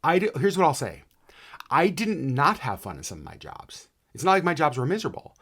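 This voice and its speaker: A man co-hosting a casual podcast, telling stories in a rambling, animated way with many restarts. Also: a little high, fairly quick, husky. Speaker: podcast co-host. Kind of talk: casual chat. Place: home podcast setup in Alaska.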